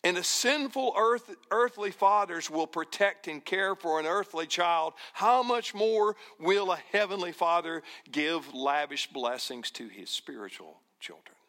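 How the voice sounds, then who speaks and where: Slow, bright-voiced male preacher. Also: high voice, animated. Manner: slow, emphatic preaching with repeated phrases, dropping to near-whispers. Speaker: pastor. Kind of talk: sermon.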